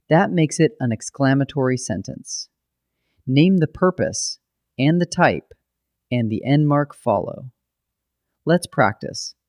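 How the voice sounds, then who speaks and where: A man narrating a scripted grammar lesson, explaining rules in a steady, methodical way. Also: mid-range voice, no room sound, studio quality. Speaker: grammar teacher.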